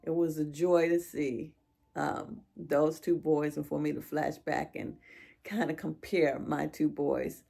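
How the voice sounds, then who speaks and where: A middle-aged woman vlogger speaking to her viewers in a heartfelt, emotional chat, halting and restarting as she talks. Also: sits low, little pitch movement, vocal fry, dark tone.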